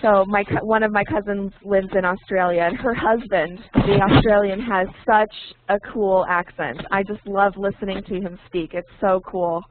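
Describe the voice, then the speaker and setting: A woman teaching English online, speaking slowly and deliberately and repeating key words so learners can follow. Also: mid-range voice, fairly even intonation, background noise. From United States. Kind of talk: online language lesson. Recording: tinny phone-like online call audio.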